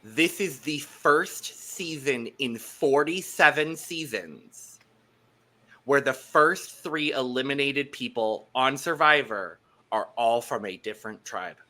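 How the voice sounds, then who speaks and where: A man co-hosting a podcast, chatting casually in a recap and jumping in with quick, emphatic remarks. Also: medium pitch, bright, forceful tone. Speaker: podcast co-host.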